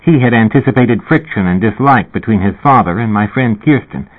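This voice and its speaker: Man, audiobook narration, husky, dry and measured, tinny phone-like recording. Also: lowish voice, animated. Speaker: audiobook reader. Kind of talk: first-person novel narration.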